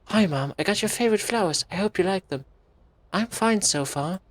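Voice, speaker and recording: A man voicing a furious young woman stranded at a cemetery, reading game dialogue aloud in a shrill, cursing voice. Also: lively intonation, moderate pace, very noisy. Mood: gentle. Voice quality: shrill and swearing.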